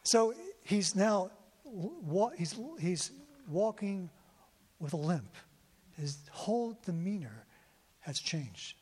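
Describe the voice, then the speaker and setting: A man's voice: high-pitched, animated, slow, darkish tone, breathy edge. A man preaching a sermon to a congregation, telling his story with feeling and often repeating himself. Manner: emotional storytelling, repeats words. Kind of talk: sermon testimony. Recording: long hall reverb.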